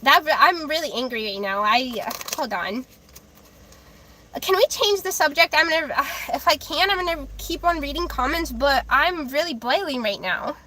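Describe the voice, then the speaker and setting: A woman livestreaming, ranting angrily to her chat, with halting restarts and repeated words. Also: high voice, pushed and bright, a little hiss or hum. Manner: angry, heated ranting with swearing.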